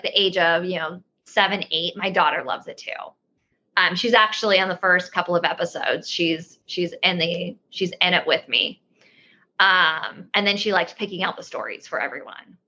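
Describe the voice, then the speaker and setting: A woman's voice: mid-range voice, pushed and bright, dull audio. A woman in her thirties, a yoga teacher guest on a podcast, explaining things in a rambling way with many restarts. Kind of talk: casual interview talk.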